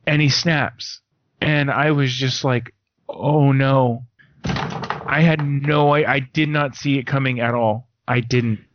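Young man, casual chat, excitable, swears, dry sound, muffled lo-fi. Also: medium pitch, measured pace, no room sound. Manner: excited, swearing, acts out scenes. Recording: dull lo-fi sound.

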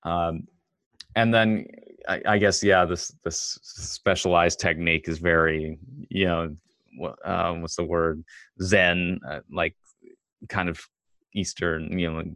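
A man talking casually about a movie in a measured, thoughtful way, pausing with fillers as he searches for words. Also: sits low, little pitch movement, sharp tone, dry recording, clean studio sound. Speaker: co-host discussing a film. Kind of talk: casual film discussion.

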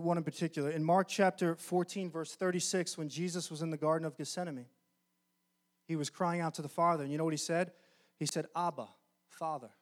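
A male pastor preaching a sermon in an earnest, emphatic way, often slowing down to stress key phrases. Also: a little high.

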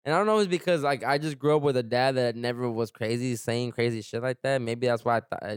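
A man's voice: medium pitch, fast talker, clear, resonant tone, no room sound, studio quality. Young man, slangy casual chat. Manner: slangy, profane, restarts often.

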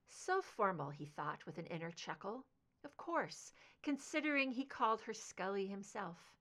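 A woman reading fan fiction aloud, narrating in an expressive, emotive way. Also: mid-range voice, normal speed. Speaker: audiobook reader.

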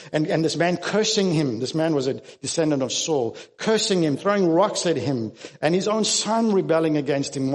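A man's voice: fairly high pitch, a little mellow, long reverb tail. A man preaching a sermon as pastor, earnest and emphatic, often restarting his words.

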